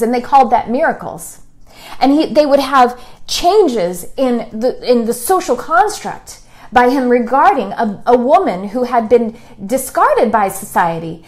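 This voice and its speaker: A woman spiritual teacher giving a lesson on love and self-worth in an earnest, repetitive way. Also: on the high side. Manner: earnest, repetitive, soft-spoken during the guided practice. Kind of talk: spiritual lesson leading a guided affirmation.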